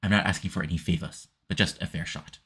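A determined young female wrestler pleads earnestly for one more chance, read out plainly by a man. The voice stays low and husky, earnest rather than acted. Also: fairly even intonation, fast talker, a bit bright, heavily acted.

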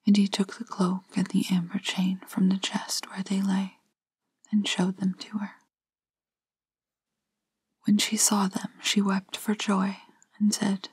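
A woman gently reading a classic fairytale aloud as a bedtime story in a whispered role-play. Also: mid-range voice, completely flat delivery, unhurried, long pauses, husky, dry recording.

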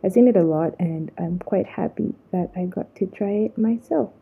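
A Zambian woman narrates her own vlog in a mid-range, creaky, husky voice, keeping it casual, playful and self-mocking with drawn-out slang asides. The audio sounds muffled, as if from a phone mic.

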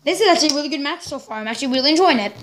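A woman hosting a reaction video, giving excitable live commentary, exclaiming and laughing along as she watches. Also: sits high, rapid-fire, slight background noise.

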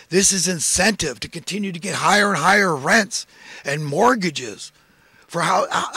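A man's voice: sits high, bright, forceful tone, husky, no room sound. A man delivering a preachy, impassioned monologue of social commentary, full of emphatic rhetorical questions. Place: in California.

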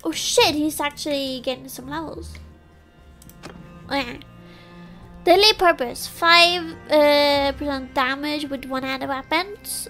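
A woman's voice: high voice, takes it slowly, fairly bright tone. A woman streaming a game, chatting casually, laughing often and cheering or groaning at what happens on screen. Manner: giggly, laughs often between lines. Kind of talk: casual live gameplay chat. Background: faint background music.

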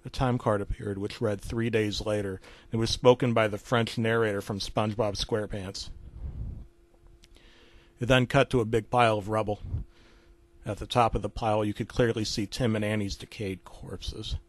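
A man's voice: on the low side, fairly even intonation, normal speed, no echo. A man narrating a creepypasta story in a casual storytelling manner. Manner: casual storytelling, dropping to a hush for gory parts.

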